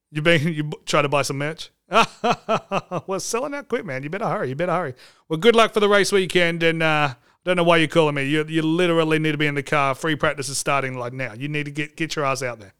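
A man's voice: fairly high pitch, fast, fairly bright tone, smooth. A man hosting a comedic podcast, joking and swearing for laughs. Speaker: podcast host.

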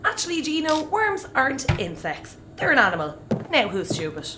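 A blunt Irish navigator, higher voice, lively swings, faint hum. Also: female voice, moderate pace. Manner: blunt, deadpan threats. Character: ditzy yet fierce female Irish navigator. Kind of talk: audio comedy drama acting.

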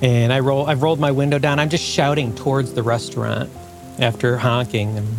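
A man narrating his actions in a relaxed, drawn-out way as a tabletop game player. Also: mid-range voice, gravelly, music in the background.

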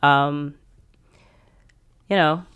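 A woman's voice: low-pitched, fairly even intonation, extremely slow, fairly bright tone, clear, resonant tone, muffled recording. A woman hosting a podcast, chatting casually, rambling and laughing often. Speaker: podcast host.

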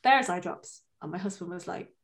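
A woman, chatting casually as a co-host about her son and her horse, telling animated stories and swearing freely. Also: lowish voice, normal speed, gravelly. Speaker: podcast co-host, mother. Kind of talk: casual chat.

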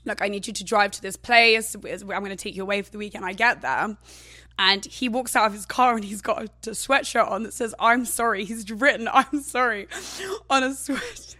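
A woman, a guest chatting candidly and casually, full of fillers and quick laughs. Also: medium pitch, pushed and bright, no echo, studio quality.

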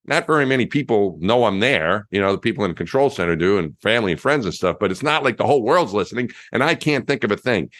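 A man in his fifties, a former astronaut, telling lively anecdotes as an interview guest, often restarting his sentences. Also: fairly low pitch, fast, few pauses, no room sound, studio quality. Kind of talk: storytelling interview.

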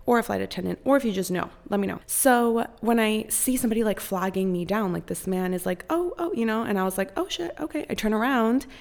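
Profane, animated woman with vocal fry. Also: mid-range voice, quick pace, hardly any pauses. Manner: profane and animated, acts out others' voices. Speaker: podcast host. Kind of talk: casual storytelling chat.

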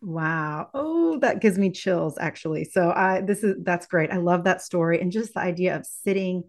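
Woman, podcast host, low pitch, encouraging, affirming. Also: expressive, moderate pace. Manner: encouraging, with frequent soft affirmations.

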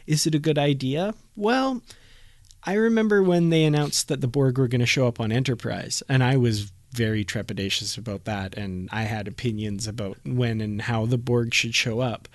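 Male podcast co-host, mid-pitched, measured and friendly, dry close mic. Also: no echo. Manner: measured, friendly, laughs easily. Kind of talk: casual podcast discussion.

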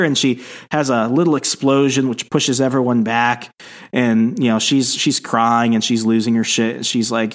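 A man's voice: mid-range voice, level tone, normal speed. A man co-hosting a casual podcast, retelling comic book scenes and quoting the characters, with frequent fillers. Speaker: podcast co-host.

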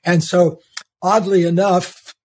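A man's voice: high-pitched, level tone, takes it slowly, slight background noise. An older man hosting a podcast, introducing his guest in meandering, easygoing storytelling. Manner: warm, meandering storytelling with fillers. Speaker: podcast host. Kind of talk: casual interview chat.

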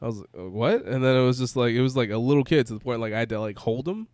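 A man's voice: medium pitch, rapid-fire, a little mellow, dry recording, clean studio sound. A young man in casual chat, telling rambling stories and laughing easily. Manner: rambling storyteller, laughs easily, mimics people in quotes.

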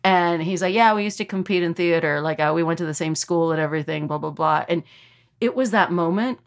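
A woman from Texas, a comedian telling a story in casual podcast chat, animated and full of fillers, acting out quotes. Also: lowish voice, a little fast. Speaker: comedian guest.

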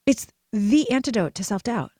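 A woman's voice: a little high, lively intonation, normal speed, no echo. Woman podcast host, motivational and emphatic, dry close mic. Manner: emphatic, personal, swings between soft and loud. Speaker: podcast host and purpose coach. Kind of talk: motivational solo podcast talk.

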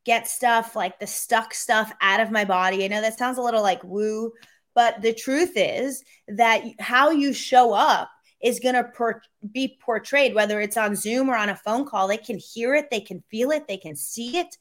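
A fairly high-voiced woman talks through sales advice as an interview guest. She tells stories with energy and jumps into little acted-out voices when she quotes people. Her delivery is conversational and animated. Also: normal speed.

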